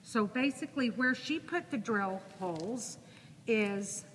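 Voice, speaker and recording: A woman teaches a sewing class, chatty and relaxed, talking through each step as she works. Her voice carries through a reverberant classroom, with steady background noise around it. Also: fairly high pitch, a little slow. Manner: casual, chatty, thinking aloud while working. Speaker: sewing instructor. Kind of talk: classroom demonstration. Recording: echoey room with audible noise.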